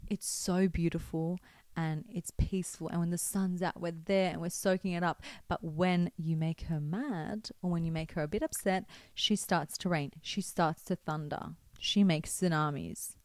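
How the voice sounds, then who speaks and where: A young woman talking to camera in a chatty, expressive way, giving faith-based advice with teasing asides to her viewers. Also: fairly low pitch, normal speed, no echo. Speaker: vlogger.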